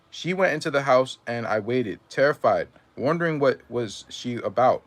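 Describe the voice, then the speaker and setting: A man reading a first-person memoir aloud in a measured way, now and then stumbling and correcting himself. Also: medium pitch, expressive. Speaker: reader.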